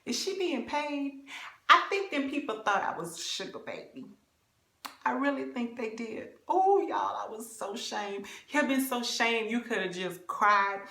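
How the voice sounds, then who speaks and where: A young woman vlogger telling a comic dating story, animated and confiding, laughing along with her viewers. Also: on the high side, moderate pace, creaky. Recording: roomy echo.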